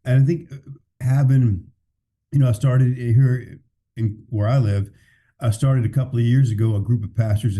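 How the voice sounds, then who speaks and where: Speaking in a mid-range voice with a dark tone, a man who is a pastor from California chats casually on a podcast. He's candid and plain-spoken, and he restarts his sentences a lot.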